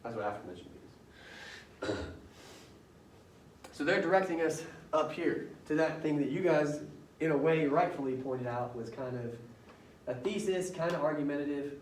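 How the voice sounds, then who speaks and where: A man teaching a class in a conversational way, often pausing to ask his students questions. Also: fairly high pitch, animated, a little hiss or hum. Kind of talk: classroom lecture. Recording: roomy classroom audio from far off.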